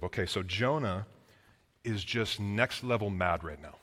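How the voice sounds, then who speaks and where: A man preaching a sermon in an animated, casual way, with slang and emphatic delivery. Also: fairly low pitch, normal speed. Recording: long echoing reverb.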